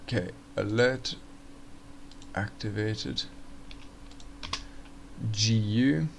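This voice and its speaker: Gravelly low-voiced man. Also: very slow, slight background noise. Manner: thinks aloud with fillers and restarts, chatty asides. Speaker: forex trading educator streaming live. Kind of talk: casual live chart walkthrough.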